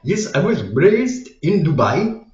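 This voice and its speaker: A man's voice: fairly high pitch, big pitch swings, takes it slowly, a little mellow, voice pushed up. A man voicing a very white man with a mullet and mustache who speaks with a put-on Indian accent, polite and sing-song. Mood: polite wonder. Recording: roomy, dull lo-fi sound.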